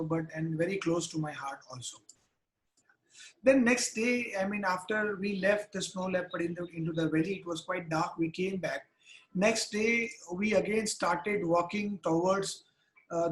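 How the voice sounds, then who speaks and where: Man, high tenor voice, earnest photographer teaching through a halting field story. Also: roomy sound, poor audio. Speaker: wildlife photographer. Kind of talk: recounting a field trip in a photography tutorial.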